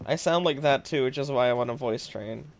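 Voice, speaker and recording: A man's voice: mid-range voice, a little fast, slight background noise. A man streaming a game live, chatting casually with viewers, musing aloud and laughing often. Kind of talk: casual live-stream chat while gaming.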